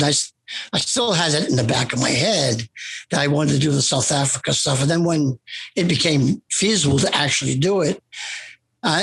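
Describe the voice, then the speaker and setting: A man's voice: on the high side, creaky, fairly bright tone, slightly rough. An older man, a comic writer, telling a long story in an interview and acting out both sides of an old phone call.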